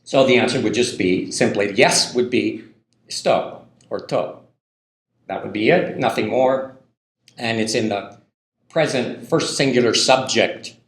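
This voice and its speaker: A man's voice: mid-range voice, moderate pace. A man giving a university linguistics lecture in a loose, conversational way, full of ums and tag questions. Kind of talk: classroom lecture. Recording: echoey lecture hall.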